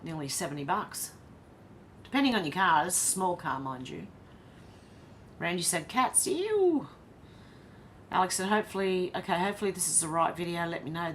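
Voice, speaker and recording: An Australian woman with a somewhat low voice hosts a casual live stream. She reads each viewer comment aloud and then answers it in easy, chatty talk. A faint hum of noise sits behind her voice. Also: a bit bright.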